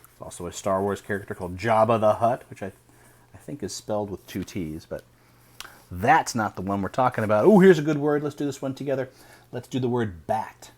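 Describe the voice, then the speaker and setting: A man teaching a phonics lesson, sounding out each word slowly and deliberately. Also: fairly low pitch, a little mellow. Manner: slow, deliberate sounding out of words.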